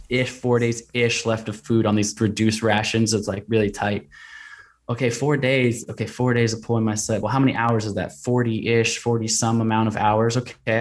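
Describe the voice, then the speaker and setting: Man telling his story with animated energy. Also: fairly low pitch. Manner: animated, with lots of repeated "like" fillers. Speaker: guest recounting an expedition. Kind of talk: conversational interview storytelling.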